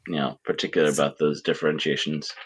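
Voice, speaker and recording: A man's voice: extremely low pitch, little pitch movement, fast talker, husky. A man chatting casually on a stream, laid-back and jokey. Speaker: co-host on a stream. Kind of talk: casual chat.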